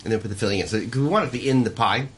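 A man's voice: on the low side, very fast, fairly bright tone, slight background noise. A man chatting as a guest, talking through how he cooks with lots of restarts. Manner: enthusiastic, talks through recipes with many restarts. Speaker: pie shop owner guest. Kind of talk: casual chat.

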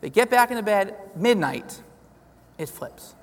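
A man giving a lively storytelling testimony as a guest speaker in a church, chuckling as he talks. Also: sits high, unhurried. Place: church sanctuary. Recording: long reverb of a large hall.

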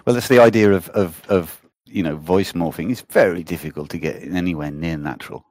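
A low-voiced man co-hosting a relaxed chat show. He rambles and laughs easily. He is recorded dry and close. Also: a little fast, no echo. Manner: chuckly, rambling, easygoing. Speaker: co-host. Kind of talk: casual chat.

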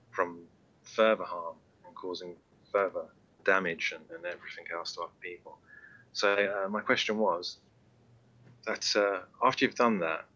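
A man joining a podcast discussion on a call, halting, with many fillers and restarts. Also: low-pitched, pushed and bright, dull audio. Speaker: podcast guest.

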